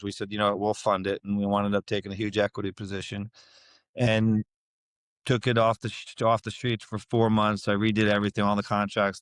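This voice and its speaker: A man's voice: lowish voice, clear, resonant tone, no echo. A middle-aged man telling a personal story in a casual interview, acting out the voices of people he quotes. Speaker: podcast guest.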